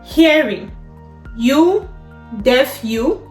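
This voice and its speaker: A woman's voice: high-pitched, lively intonation, drawn-out words. A woman teaching sign language step by step, saying each word aloud and then explaining the hand motions. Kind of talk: step-by-step instruction. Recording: echoey room with faint music.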